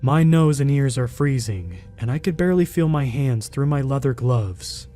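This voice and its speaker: A man giving a scripted first-person horror narration in a measured, plain storytelling manner. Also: mid-range voice, expressive, mellow. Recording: narration over faint background music.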